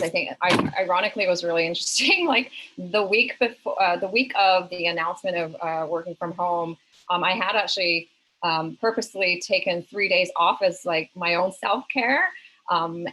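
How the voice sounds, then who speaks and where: Slightly low-voiced woman, halting panelist. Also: sharp tone, poor audio. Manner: hesitant, many ums, conversational. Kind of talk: webinar panel discussion.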